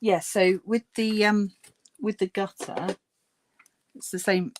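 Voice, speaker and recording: A woman's voice: medium pitch, steady tone, slow pace, slight background noise. A woman hosting a crafting livestream, chatting casually with many fillers while she paints and murmurs to herself.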